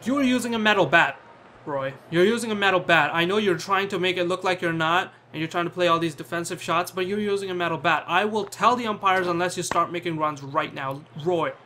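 A man narrates his own cricket video game in a loose, joking way, swearing freely and scolding his batsman. His voice sits a bit high and sounds bright and forward. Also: a little fast, a little hiss or hum. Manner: bantering, swears often, talks to his in-game player. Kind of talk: casual gameplay commentary.

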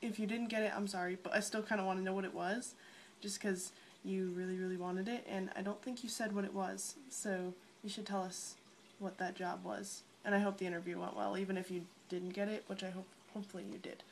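A woman's voice: mid-range voice, steady tone, a little fast, slight background noise. Giggly young woman vlogging on her phone. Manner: bubbly, giggly, rambling. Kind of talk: casual vlog chat to friends. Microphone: phone camera at arm's length.

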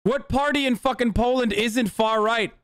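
A man streaming a casual reaction, talking in a profane, sarcastic, rapid-fire way into a close desk mic. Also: extremely high pitch, a bit bright, clear, resonant tone, no echo.

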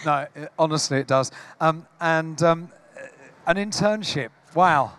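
A man's voice: fairly high pitch, a little slow, fairly bright tone. Upbeat man presenting an award on stage. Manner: jovial, rallying the crowd for applause. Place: large exhibition hall stage.

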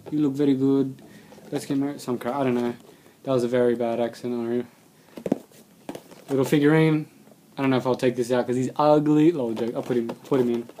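A man's voice: medium pitch, dark tone, a little hiss or hum. A young man, unboxing a subscription box, rambling and swearing casually as he mutters to himself.

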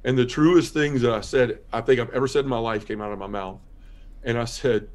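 A man shares his life story as a podcast guest. He speaks in an earnest, quiet, heartfelt way, like someone giving a personal testimony. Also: mid-range voice, a little fast.

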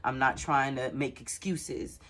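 Very deep, steady in tone and a bit bright, her voice moves at a measured pace. She's a mother who hosts a tarot channel, vlogging frankly and personally straight to camera with frequent fillers.

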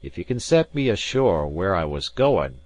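Audiobook: deep male reader as a proud, fiery Jacobite gentleman, forthright, dry close sound. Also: big pitch swings, normal speed, no echo. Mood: earnest.

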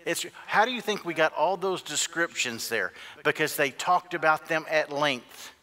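A male pastor preaching a sermon in a church, moving from quiet, intimate passages to loud, shouted climaxes. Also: a little high, normal speed. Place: church sanctuary. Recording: long church reverb.

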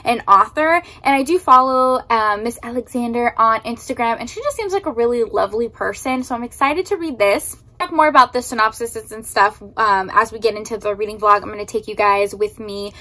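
A woman's voice: on the high side, fairly quick, few pauses, pushed and bright. A woman chatting casually in a vlog about books, gushing and filling her talk with "like". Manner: chatty, gushing, says "like" a lot. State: teary, crying happy tears. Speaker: book vlogger. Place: in her car.

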